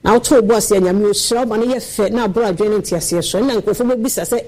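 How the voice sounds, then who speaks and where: A Ghanaian woman giving an animated radio talk, preaching to listeners and repeating her points for emphasis. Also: medium pitch, rapid-fire, few pauses, rough recording. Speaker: radio commentator.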